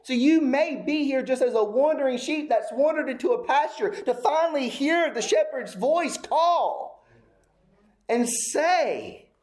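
A man's voice: very high voice, animated, a little slow, darkish tone. A man preaching a sermon with an emphatic, repetitive cadence, apparently in a church sanctuary.

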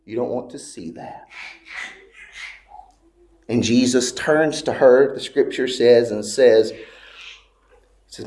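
A man delivers a sermon at a slow, deliberate pace, drawing out each phrase. His voice sits in a middle pitch. He drops to hushed, near-whispered tones for emphasis. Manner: slow, dramatic preaching with long pauses and hushed moments. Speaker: pastor.

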